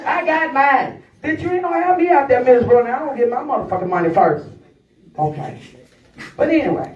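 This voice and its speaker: A woman's voice: sits high, animated, fairly quick. A woman doing stand-up storytelling, brash and profane, talking straight to the crowd from a live comedy venue. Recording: echoey, distant, dull live recording.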